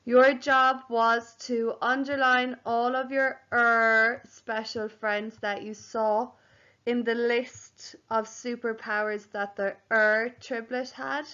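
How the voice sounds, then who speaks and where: Woman, primary teacher, very slow, smooth clear voice, home phonics lesson. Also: a little high, level tone, pushed and bright, highs cut off. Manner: slow, clearly sounding out letters and syllables.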